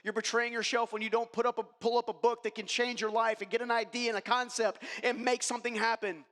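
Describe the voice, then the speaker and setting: A man with a notably high voice delivers a motivational keynote, telling his own story with emphasis and calling out to the audience. His words ring through a large hall with a long, trailing reverb. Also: flat delivery, quick pace, a bit bright. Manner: emphatic, addresses the audience directly. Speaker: keynote speaker.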